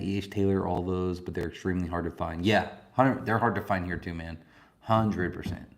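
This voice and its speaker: A man hosting a live whiskey tasting, chatting casually, swearing freely and answering viewers. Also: sits low.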